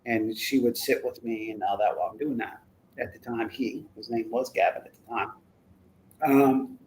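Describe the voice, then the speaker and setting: A middle-aged man in his forties tells a heartfelt family story on a talk show. His delivery is earnest and emphatic, with his voice jumping higher and louder when he presses a point. His pitch sits in an ordinary middle range for a man. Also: rough recording. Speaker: parent of the guest.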